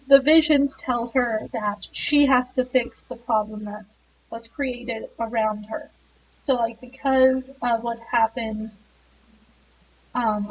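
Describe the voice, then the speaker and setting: High-pitched lady chatting through a book plot, slow, laughy, faint hiss behind. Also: distant mic, poor audio. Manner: chatty, laughs often, many fillers. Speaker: book reviewer. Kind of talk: casual plot retelling.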